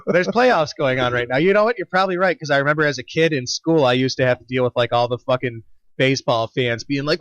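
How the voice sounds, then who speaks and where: A man's voice: mid-range voice, fast talker, fairly bright tone, no room sound. A man co-hosting a podcast in casual chat, opinionated, swearing freely and laughing often. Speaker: podcast co-host. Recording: dull lo-fi podcast audio.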